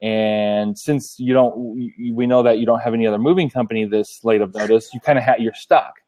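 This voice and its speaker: Male co-host, relaxed mellow tone, acts out phone calls while telling a story. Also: mid-range voice, fairly quick. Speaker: podcast co-host. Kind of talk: casual chat.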